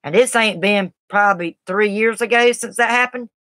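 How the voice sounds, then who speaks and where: A woman's voice: mid-range voice, normal speed, fairly bright tone, dry recording. Blunt, tough-talking woman telling a story. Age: adult, has a daughter. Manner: blunt and tough, Southern-sounding colloquial speech. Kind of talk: casual personal storytelling.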